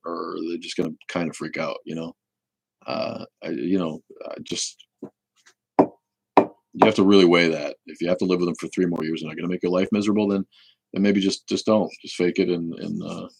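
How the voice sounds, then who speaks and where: A man's voice: low-pitched, fairly even intonation, normal speed, vocal fry, no room sound, rough recording. A man hosting a casual livestream Q&A who rambles, restarts his sentences and swears freely. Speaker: host.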